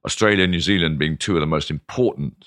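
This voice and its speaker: A man's voice: fast talker, no echo, clean studio sound. A man who is a wine expert, telling stories with enthusiasm in an interview and acting out voices as he goes. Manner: animated, enthusiastic, acts out voices, jumps high in pitch. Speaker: wine expert and former TV presenter. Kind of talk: interview storytelling.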